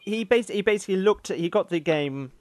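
Deadpan man, fairly high, dry sound. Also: a little fast, dry recording. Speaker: podcast co-host. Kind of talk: casual chat.

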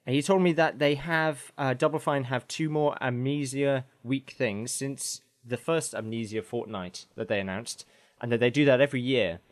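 A man hosting a casual podcast, joking and animated, often restarting his sentences. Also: mid-range voice, normal speed, few pauses. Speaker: podcast host.

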